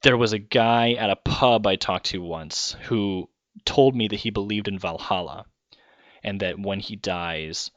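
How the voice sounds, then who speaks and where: A man's voice: lowish voice, fairly bright tone, dry recording, dull audio. A man hosting a podcast, talking through ideas in a casual, rambling monologue and often correcting himself mid-sentence. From Canada. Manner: rambling, conversational, self-correcting. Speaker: podcast host.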